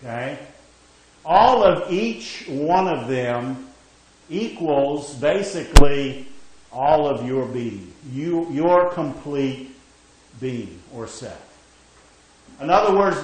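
Emphatic male preacher in a very echoey hall. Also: on the high side. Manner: emphatic, rising and falling, frequent "okay?" check-ins. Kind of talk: sermon.

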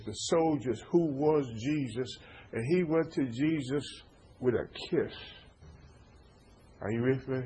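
A man's voice: mid-range voice, dark tone, a little hiss or hum, poor audio. A man preaching an informal sermon, stammering through repeated words and checking in with his listeners. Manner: stammering repetitions, call-and-response asides.

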